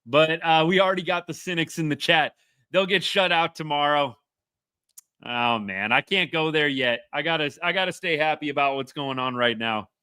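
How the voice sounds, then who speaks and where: A man's voice: on the high side, moderate pace, bright, forceful tone, clear, resonant tone, dry recording, studio quality. A man hosting a casual live reaction stream, chatty and upbeat as he reads viewer comments. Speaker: livestream host.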